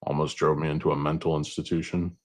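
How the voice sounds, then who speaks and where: A man's voice: rumbling low, level tone, fast talker. A middle-aged man hosting stock-market commentary, rambling through jokey asides. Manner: meandering, jokey asides, many fillers.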